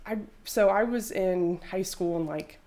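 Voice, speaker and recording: A woman's voice: on the low side, unhurried, warm tone. A woman in her thirties, a textile artist, chatting casually in an interview and rambling with lots of fillers.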